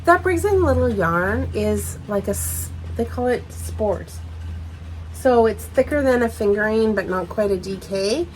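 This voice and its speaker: A woman's voice: mid-range voice, expressive, measured pace, a little mellow, poor audio. A Canadian woman co-hosting a podcast, talking casually in a rambling, chatty way and laughing often. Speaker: podcast co-host. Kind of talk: casual chat. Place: home.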